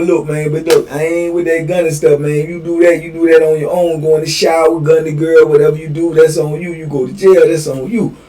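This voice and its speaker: A man hosts his show and tells prison stories in slangy, conversational talk. He speaks in a high voice for a man, with casual asides. The mic is set back a little from him. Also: little pitch movement, brisk, few pauses, dark tone, far from the mic, soft background music. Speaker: host telling prison stories. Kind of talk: storytelling.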